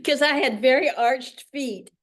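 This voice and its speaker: A woman's voice: high-pitched, unhurried. An older woman from Canada, a retired ballerina, telling stories in a casual interview and acting out the voices of the people in them. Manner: animated storyteller acting out quoted voices. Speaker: guest, retired ballerina and teacher.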